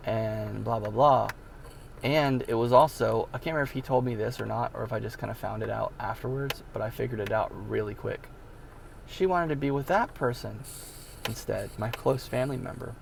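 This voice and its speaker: A man's voice: medium pitch, brisk, vocal fry, background noise. A man telling a personal story in a casual, rambling way, with many fillers and sudden bursts of disbelief. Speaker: vlogger telling his life story.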